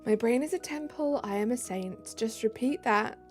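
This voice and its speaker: A tired British woman chatting casually on a live stream, giggly, reading chat aloud and dropping into soft asides. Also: fairly high pitch, lively intonation, normal speed, soft background music.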